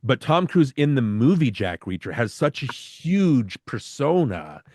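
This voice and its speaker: A man co-hosting a podcast, chatting casually about films in a rambling way, full of fillers and quick to laugh. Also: medium pitch, sing-song, a little mellow, no room sound, studio quality. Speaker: podcast co-host. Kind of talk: casual film-discussion chat.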